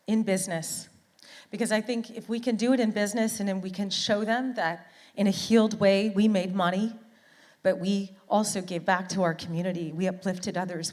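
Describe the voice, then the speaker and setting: Woman, middle-aged, conference speaker, earnest, heartfelt, repeats words for emphasis, mid-pitched voice. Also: big-room sound. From Canada. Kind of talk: motivational talk.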